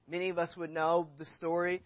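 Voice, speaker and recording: A man preaching a sermon with a slightly raised pitch, casual and candid, talking straight to his congregation. The sound is dull and lo-fi, and very dry. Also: little pitch movement, brisk, dry recording. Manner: candid, conversational storytelling, addressing the congregation with questions. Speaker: pastor. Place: church.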